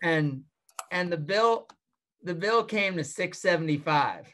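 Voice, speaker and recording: High, bright-voiced man teasing a guest. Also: lively intonation, takes it slowly, a little hiss or hum. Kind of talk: live on-stage anecdote.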